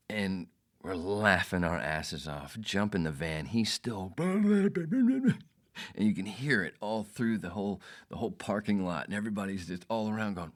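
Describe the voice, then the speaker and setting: Deep-voiced man, podcast host, swears a lot, rambles through a funny story. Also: animated, normal speed. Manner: profane, rambling, jokey. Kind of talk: casual storytelling monologue.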